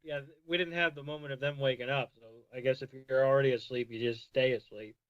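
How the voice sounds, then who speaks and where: A man's voice: medium pitch, steady tone, quick pace, smooth, muffled recording. A man co-hosting a podcast, chatting about a cartoon in a laid-back, matter-of-fact way. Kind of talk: casual podcast chat.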